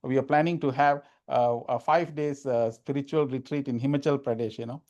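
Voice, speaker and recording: A man's voice: mid-range voice, fairly even intonation, brisk, darkish tone, lo-fi sound. A man giving an informal spiritual talk, repeating phrases for emphasis. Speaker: spiritual speaker.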